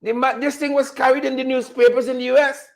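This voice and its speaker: A man's voice: very high-pitched, flat delivery, quick pace. A man hosting an unscripted political commentary show, mocking his subjects, laughing often and repeating phrases for effect. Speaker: show host.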